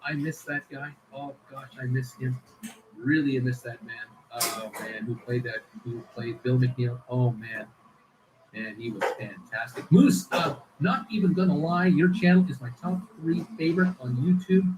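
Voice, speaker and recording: A man's voice: mid-range voice, normal speed, a little mellow, slight background noise, low-quality recording. A man hosting a casual livestream who rambles with many fillers and restarts while reading viewer comments aloud. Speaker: livestream host.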